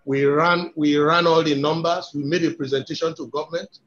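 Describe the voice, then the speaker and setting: A man's voice: a little high, fairly even intonation, brisk, fairly bright tone. A man with a Nigerian accent speaking as an industry guest on a webinar, making his points emphatically and persuasively and often repeating words as he builds an argument. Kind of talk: webinar talk. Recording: dull lo-fi webinar audio.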